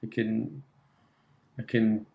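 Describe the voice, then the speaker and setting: Gravelly man chatting on a livestream. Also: on the low side, completely flat delivery, takes it slowly, mellow. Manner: chatty, laughs often, trails off. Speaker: livestream host. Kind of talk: casual livestream chat reading comments. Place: home slot car track room.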